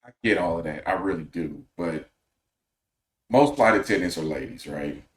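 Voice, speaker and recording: A man hosting a podcast, giving measured, opinionated casual commentary. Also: sits low, reverberant. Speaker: podcast host.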